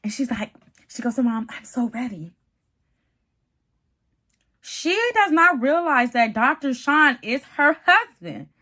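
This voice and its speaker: A woman giving a casual, animated reality-TV recap, chatty and calling the viewer "honey" and "baby". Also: high voice, measured pace. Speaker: TV show reviewer.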